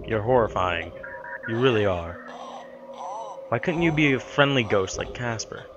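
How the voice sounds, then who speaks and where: A man's voice: on the low side, lively intonation, unhurried, lo-fi sound, music in the background. A man giving jumpy, nervous commentary while playing a horror game, talking to himself. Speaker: let's play host.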